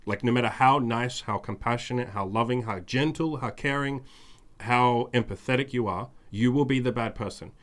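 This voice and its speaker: A man hosting a podcast in casual chat, speaking bluntly with profanity and emphatic repetition. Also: fairly low pitch. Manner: mimics whiny demands in a raised voice. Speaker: podcast host.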